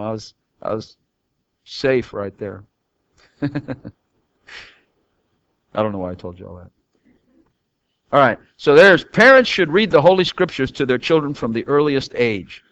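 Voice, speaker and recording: A man's voice: medium pitch, a bit bright, highs cut off. An older man teaching from the Bible in a rambling, folksy storytelling way, chuckling often between stories.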